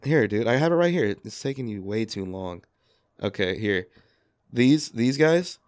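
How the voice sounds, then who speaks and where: Male co-host, low voice, crude playful banter, dry close mic. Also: animated, moderate pace, no echo. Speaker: podcast co-host. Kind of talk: casual banter.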